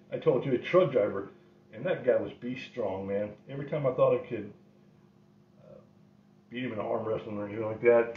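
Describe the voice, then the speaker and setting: A middle-aged man telling rambling stories in a wry way, often chuckling. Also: mid-range voice. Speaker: host. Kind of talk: casual storytelling. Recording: roomy, slightly dull recording.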